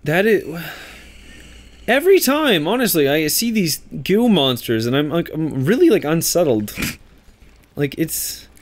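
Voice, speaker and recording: A man's voice: fairly high pitch, a little slow. A young Canadian man co-hosting a let's play, chatting casually and jokily as he plays. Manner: animated, jokey, does silly voices. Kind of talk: casual gaming commentary.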